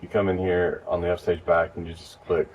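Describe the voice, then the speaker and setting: A man giving relaxed, step-by-step training to church volunteers, recorded in a church. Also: low-pitched, fairly quick. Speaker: lighting instructor. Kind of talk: casual hands-on training. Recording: distant mic with faint noise.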